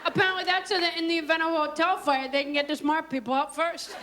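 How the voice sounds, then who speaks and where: A woman performing live stand-up comedy, riffing in a quick, quirky, self-mocking way and bantering with people in the audience. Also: very high-pitched, fairly even intonation. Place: stage before a live audience. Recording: live audience laughter and noise.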